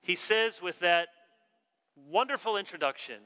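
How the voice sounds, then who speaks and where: A man preaching a sermon, animated, acting out the quoted dialogue of his story. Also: a little high, normal speed. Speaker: pastor. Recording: long reverb of a large hall.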